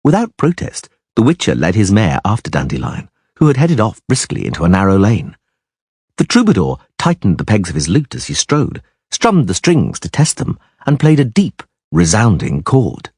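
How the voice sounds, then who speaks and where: A man reading a fantasy audiobook aloud in an expressive storytelling manner, close to the mic. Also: fairly low pitch, moderate pace, husky, no room sound. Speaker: audiobook reader.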